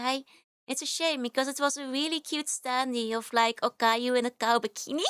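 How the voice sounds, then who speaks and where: A young woman streaming live, chatting casually and giggling as she greets her chat with rapid repeated hellos. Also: fairly high pitch, fairly bright tone, clean tone, no room sound, studio quality.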